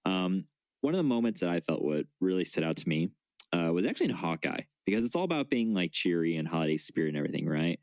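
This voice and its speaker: A man's voice: low-pitched, big pitch swings, fast, darkish tone, no room sound. A male podcast host in casual chat, easygoing and joking as he steers the conversation.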